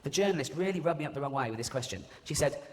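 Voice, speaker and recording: A man's voice: on the high side, expressive, very fast, a little hiss or hum. A man performing live stand-up comedy, mocking and swearing as he mimics people, recorded in a large venue before an audience. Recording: echoey arena with loud crowd ambience.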